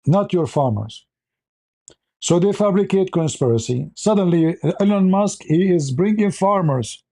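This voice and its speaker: A man's voice: sits high, animated, a little slow, mellow. A man hosting a live commentary show, blunt and sarcastic, speaking in broken English grammar. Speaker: host.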